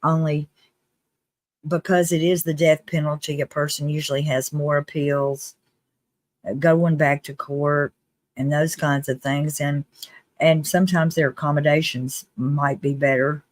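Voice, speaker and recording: A live-stream host giving casual commentary in a chatty, earnest way, with restarts and quick laughs. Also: mid-range voice, little pitch movement, no echo. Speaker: livestream host.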